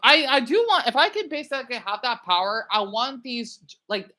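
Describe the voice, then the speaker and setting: A woman's voice: on the high side, moderate pace. A woman in her thirties from Arizona, rambling through opinionated commentary while reacting to videos, checking in with "right?" a lot. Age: 30s. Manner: rambling, animated, asks "right?" often.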